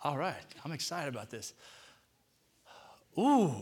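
With a fairly high pitch, moderate pace and long pauses, a male pastor delivers a call-and-response sermon in church. He's animated, coaxing his congregation to repeat scripture lines.

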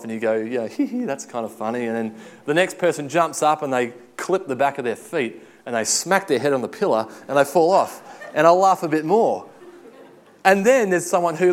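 Chatty male preacher. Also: a little high. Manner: chatty, self-deprecating, animated storytelling. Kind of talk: casual sermon with stories.

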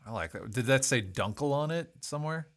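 A man's voice: medium pitch, expressive, a little fast. A man hosting a casual podcast chat, laughing and joking with his co-hosts. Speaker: podcast host.

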